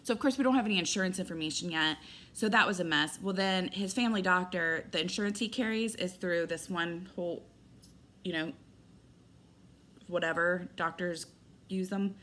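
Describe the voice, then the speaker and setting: A woman's voice: fairly low pitch, normal speed, a bit bright, a little hiss or hum. A middle-aged woman giving a rambling, candid personal update as a vlogger, retelling events with quoted dialogue.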